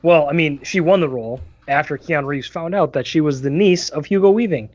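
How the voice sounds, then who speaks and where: A man's voice: fairly high pitch, fairly quick, a little mellow, muffled recording. A man co-hosting a casual movie review podcast, sharing trivia in a rambling way with fillers. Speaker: podcast co-host.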